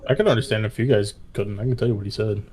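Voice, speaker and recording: A man playing a tabletop game, talking quickly, arguing and swearing with his friends. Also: fairly low pitch, a little mellow. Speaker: player. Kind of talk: casual chat during a tabletop game.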